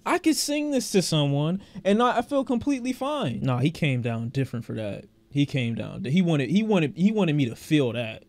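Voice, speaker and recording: A man's voice: a little high, big pitch swings, normal speed, hardly any pauses, a little mellow, no echo. A man giving a casual, rambling reaction to a music album, often repeating words and breaking into song. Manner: chatty, rambling, repeats words, sings along. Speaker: music reviewer. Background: album music playing.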